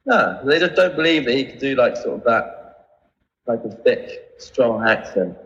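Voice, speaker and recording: A man's voice: medium pitch, expressive, a little slow, a bit bright, in a large hall, muffled recording. A man as a podcast guest, chatting casually with rambling, laughing asides. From England. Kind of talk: casual chat.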